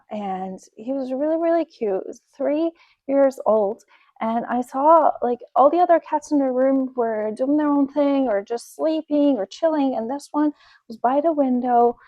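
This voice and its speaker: A woman's voice: sits high, darkish tone, dry recording, muffled recording. A woman in her forties telling a personal story in a casual vlog, chatty and rambling with many fillers while she works with her hands. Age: 40s. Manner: talks while doing a task with her hands. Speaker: vlogger.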